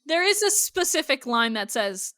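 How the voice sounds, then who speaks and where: A woman in a podcast chat, chiming in with giggly, animated remarks. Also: sits high, moderate pace, no room sound, clean studio sound. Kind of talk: casual chat.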